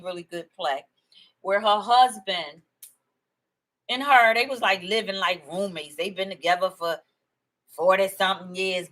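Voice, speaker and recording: A woman in a casual, rambling monologue to her viewers, animated and emphatic, often repeating herself. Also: mid-range voice, rough recording. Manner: animated and excitable, laughing and emphatic; rambling storytelling with repetition. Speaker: video host.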